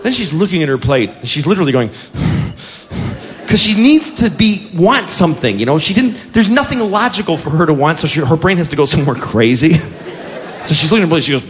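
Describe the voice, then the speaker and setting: A man's voice: fairly high pitch, very animated, fast, big-room sound, some chatter behind. A man in his forties doing stand-up, telling an exasperated, profane story. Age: 40s. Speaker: stand-up comedian. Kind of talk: stand-up comedy. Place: comedy club stage. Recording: live audience laughter, noisy club.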